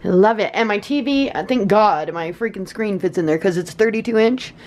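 A woman's voice: medium pitch, a little fast, a little mellow, a little hiss or hum. A woman vlogging casually with a gushing, giggly enthusiasm, first at home and then from her car. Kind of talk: casual vlog chat.

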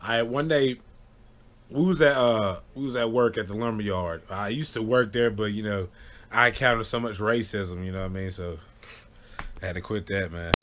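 Animated male storyteller, casual delivery with loud high yelps on quoted lines. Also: normal speed.

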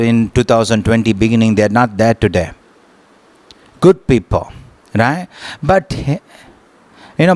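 A male pastor preaching a sermon, often asking "right?" and repeating words as he goes. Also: medium pitch.

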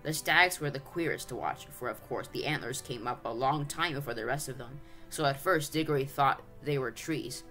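Steady storybook reader over faint music. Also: mid-range voice, normal speed, few pauses. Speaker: audiobook reader. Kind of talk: storybook read-aloud narration.

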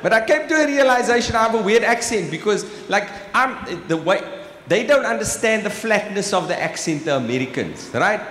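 This is live stand-up from a Cape Town man with a South African accent, performed on stage in a large exhibition hall, where he keeps asking "right?" and dropping "bruh" in a chatty way. His high, sing-song voice moves a little fast and sounds fairly bright. Echo from the live hall and faint ambience come through.

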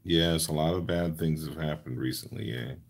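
A man's voice: rumbling low, normal speed. A man hosting a card-making livestream, chatting casually while he works and answering viewer comments by name. He is earnest and gushing, and he talks through each step as he does it. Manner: talks through his hands-on steps.

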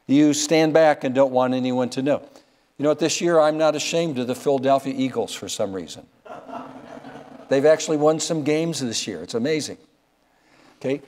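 A middle-aged man preaching a sermon at a church service, swinging from quiet low asides to loud rising exclamations. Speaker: guest preacher.

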